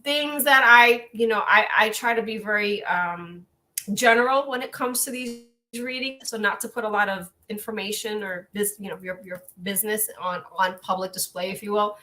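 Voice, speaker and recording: A woman coach giving a gentle, earnest oracle card reading on a live stream, rambling a little with restarts. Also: medium pitch, normal speed.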